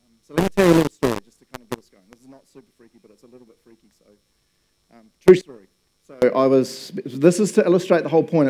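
A man in his fifties, a pastor giving a casual, story-driven sermon, chatty and quick to laugh. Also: fairly high pitch, warm tone, poor audio. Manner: casual and chatty, laughs often, says "right?" and "bro".

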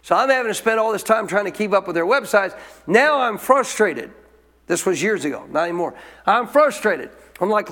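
A man's voice: sits high, expressive, brisk, a bit bright, long reverb tail. A male pastor preaching a sermon in a conversational way, often asking the congregation questions.

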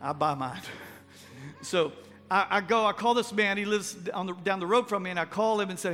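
High, bright-voiced Texan preacher in a reverberant hall. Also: male voice, a little fast. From Texas. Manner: folksy and joking, with a conversational delivery. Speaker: pastor. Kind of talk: sermon.

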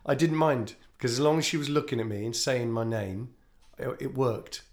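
A man's voice: medium pitch, normal speed. A man, hosting a casual podcast chat from an empty shop, jokey and rambling. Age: 40s. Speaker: podcast host.

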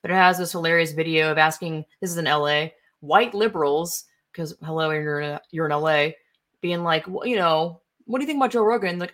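Her voice is deep and fairly bright, and she talks briskly: a young woman streaming political commentary as she scrolls through online posts. The rant is casual and rambling, profane and indignant, with plenty of filler words.

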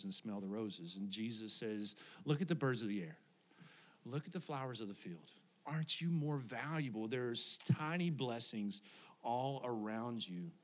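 Animated storytelling pastor, a man. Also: medium pitch. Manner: conversational, animated storytelling with laughs. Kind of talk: sermon with personal stories. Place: church sanctuary before congregation.

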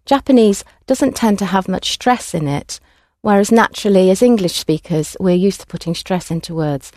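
A woman teaching a language class, prompting students clearly and patiently. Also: mid-range voice, normal speed, darkish tone, no echo, studio quality. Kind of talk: classroom instruction.

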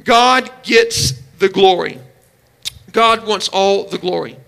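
A pastor delivering a sermon in a very high, bright and forceful voice. He talks in emphatic bursts, stretching key words and laying out numbered points for his listeners. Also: gravelly. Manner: emphatic preaching with numbered points and drawn-out stresses.

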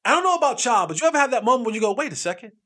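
A man hosting a podcast as a former football player, telling a story in an animated, emphatic way. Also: very high voice, rapid-fire. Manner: lively, emphatic, acts out quotes with repeated phrases.

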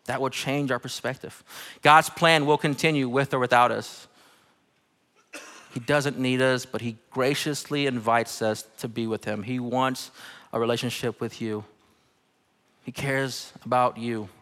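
A young adult man, a pastor, giving a conversational, animated sermon in a church. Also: medium pitch, moderate pace, in a large hall. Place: church sanctuary.

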